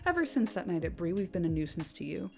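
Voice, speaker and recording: A woman's voice: on the low side, very animated, fast talker, gravelly, music in the background. A woman reading the part of a thoughtful young male hobbit, earnest and reflective.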